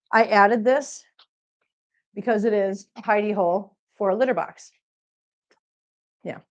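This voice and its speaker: A woman's voice: a little high, dull audio. A woman chatting casually on a cat-care livestream, rambling and answering viewers while she cleans, a little out of breath. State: a bit out of breath. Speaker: cat channel vlogger.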